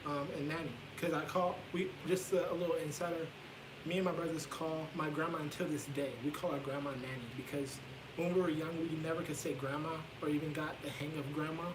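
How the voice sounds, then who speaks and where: A man's voice: a little high, fairly even intonation, a little fast, background noise. A young man vlogging a casual storytime from his bedroom, candid and rambling, swearing freely as he talks.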